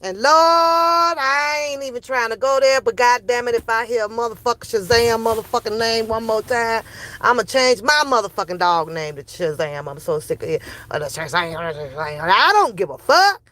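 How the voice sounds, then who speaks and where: A woman's voice: on the high side, normal speed, a bit bright. A middle-aged woman giving a heated, sarcastic opinion rant, full of profanity and repeated rhetorical questions. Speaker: commentary vlogger.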